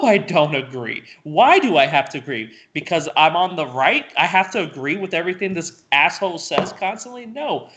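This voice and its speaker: A man co-hosting a casual political talk show, animated and ranting, who repeats words and restarts often. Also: a little high, moderate pace, few pauses. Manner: laughs often, swears casually. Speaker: co-host.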